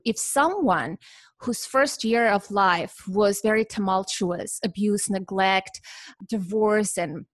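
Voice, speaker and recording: Woman explaining calmly on a podcast. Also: medium pitch, no echo. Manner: measured, explains with examples and lists.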